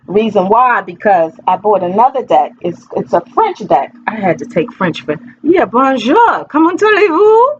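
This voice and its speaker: Woman, tarot reader, chatty, playful, rambling, slightly muffled lo-fi audio, faint room hum. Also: mid-range voice. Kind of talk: casual tarot reading vlog.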